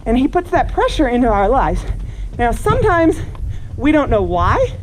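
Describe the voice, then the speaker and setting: A woman's voice: high-pitched, huge pitch swings, normal speed. A woman horse trainer giving a live teaching demonstration outdoors. She explains her method and coaxes the horse between her points. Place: outdoor horse pen at a camp. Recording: noisy outdoor recording.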